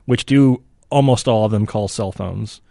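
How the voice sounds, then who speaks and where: A man's voice: on the low side, normal speed, gravelly, dark tone, no echo, studio quality. A man analysing election forecasts in a casual podcast chat, thinking aloud and hedging with frequent "you know" and "right?".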